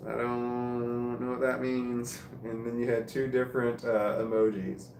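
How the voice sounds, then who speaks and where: A man's voice: mid-range voice, flat delivery, a little slow, vocal fry, darkish tone, echoey room, slight background noise. A man casually reading live stream comments aloud and musing on each one. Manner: reads comments aloud and muses on them.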